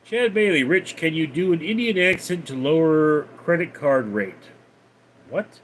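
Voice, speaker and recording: A man hosting a casual livestream, reading out viewer messages and replying in a deadpan way. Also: on the high side, a little slow, a little hiss or hum. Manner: reads out viewer names and messages, deadpan replies. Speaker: livestream host reading chat.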